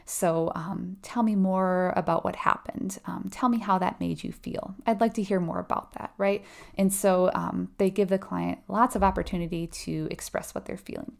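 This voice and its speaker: A woman's voice: fairly low pitch, fairly even intonation, moderate pace, creaky. A woman tutoring nursing students through an exam question, casual and conversational, often checking in with "right?". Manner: acts out short quoted replies with a laugh.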